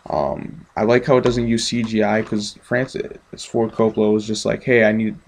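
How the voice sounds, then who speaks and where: Gravelly, casual male movie reviewer. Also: on the low side, little pitch movement, normal speed, a little mellow, slight background noise. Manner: chatty, offhand, many ums and laughs.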